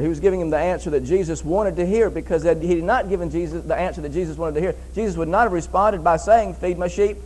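A man's voice: a little high, mellow, rough recording. A man preaching a sermon in an emphatic way, repeating phrases for stress and reading scripture aloud.

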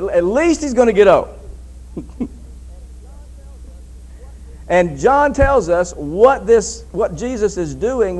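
A man's voice: sits high, darkish tone, rough recording. A man preaching a sermon in an emphatic way, repeating phrases for stress and reading scripture aloud.

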